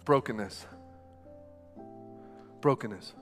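Animated preacher in an echoing hall. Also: male voice, medium pitch, takes it slowly. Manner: animated, conversational preaching with a live stage demonstration. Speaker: pastor. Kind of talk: sermon. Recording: long hall reverb with faint music.

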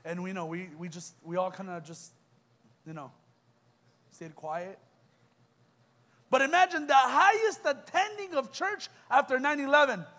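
A young adult man delivers a youth sermon in a strikingly high voice. He is fervent and urgent, constantly turning to the crowd with rhetorical questions. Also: expressive, measured pace, pauses often, bright, forceful tone. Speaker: youth preacher. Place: church youth event.

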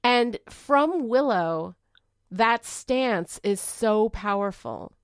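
A woman podcast co-host with a somewhat high voice, speaking casually and with emphasis. She agrees eagerly and groans in disgust. The sound is dry and close-miked. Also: expressive, extremely slow, clear, resonant tone, no room sound. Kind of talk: casual chat.

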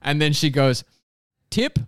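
A man's voice: mid-range voice, quick pace, a bit bright, clean tone, no room sound, studio quality. An Australian man co-hosting a podcast, swearing and laughing often as he tells a story. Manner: laughs often, swears while telling stories. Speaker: podcast co-host. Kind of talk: casual chat.

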